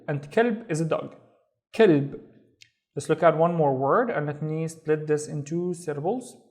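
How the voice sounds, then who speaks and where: A man teaching a beginner reading lesson, sounding out syllables slowly and patiently and repeating each word. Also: a little high. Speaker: language teacher.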